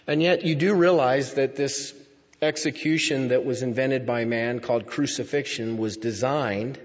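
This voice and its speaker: A man preaching a sermon, reading scripture aloud and explaining it in a slow, deliberate way, stretching out key words for emphasis. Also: mid-range voice. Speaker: pastor. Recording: dull sound with long hall reverb.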